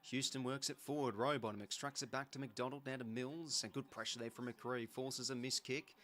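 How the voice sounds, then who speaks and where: Hosting a live football watch-along, a mid-pitched Australian man calls each moment of play in a brisk, talkative style. When the game heats up, so does his excitement.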